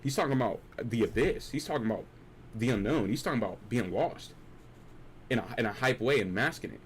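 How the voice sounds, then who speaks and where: A young man talking through a rambling, philosophical chat as a streamer, repeating himself and restarting often, swinging from hushed to loud and excited. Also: mid-range voice, brisk, slight background noise. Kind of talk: rambling late-night chat.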